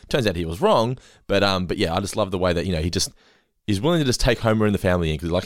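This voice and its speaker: Quick-talking young man on a podcast. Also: low-pitched, expressive, no room sound, studio quality. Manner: quick, rambling, with many fillers. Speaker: podcast co-host. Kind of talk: casual chat reviewing an episode.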